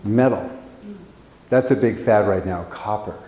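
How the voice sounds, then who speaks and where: A man's voice: on the low side, unhurried, mellow. A man in his sixties teaching painting to a small live audience in a casual, rambling, self-mocking way. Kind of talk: casual talk to a live class. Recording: echoey hall with faint noise.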